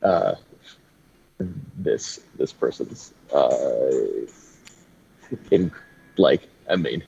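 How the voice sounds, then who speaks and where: A man with a very deep, gravelly, husky voice chats haltingly and keeps restarting his sentences. The audio is dull and lo-fi. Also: lively intonation, dark tone. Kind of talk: casual chat.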